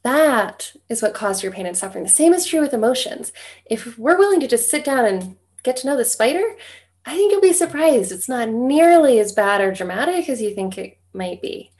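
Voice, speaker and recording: A woman's voice: fairly high pitch, sing-song, normal speed, darkish tone. Woman coaching in casual, conversational tone. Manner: conversational, tags points with "right?". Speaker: divorce coach. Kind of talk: direct-to-camera coaching talk.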